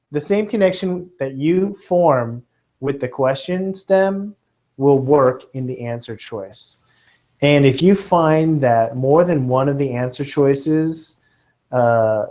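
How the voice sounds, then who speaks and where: A man from Kentucky teaching a class of students, lively and joking, often checking in with "okay?". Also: mid-range voice. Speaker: test prep teacher.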